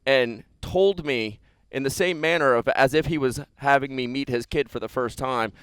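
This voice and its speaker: A man hosting a podcast, talking in an enthusiastic, animated way at a company headquarters. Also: mid-range voice, clean tone, dry recording. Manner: enthusiastic, animated, quick restarts. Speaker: podcast host. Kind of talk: excited casual chat.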